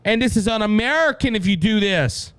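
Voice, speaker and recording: A man with a Cajun Louisiana accent hosting a solo political show, emphatic and repeating "ladies and gentlemen" with frequent restarts. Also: high-pitched, animated, fairly quick, clean tone, dry recording. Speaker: political podcast host.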